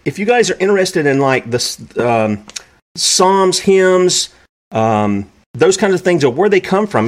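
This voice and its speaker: A man hosting a live show, talking casually and rambling with many fillers. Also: medium pitch. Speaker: host. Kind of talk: casual live-stream talk.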